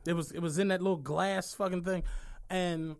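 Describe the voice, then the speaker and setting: Animated Philly man spinning a story. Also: sits high, normal speed, vocal fry, clear, resonant tone. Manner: animated, profane, laughs through his stories. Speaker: podcast co-host. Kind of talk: casual storytelling chat.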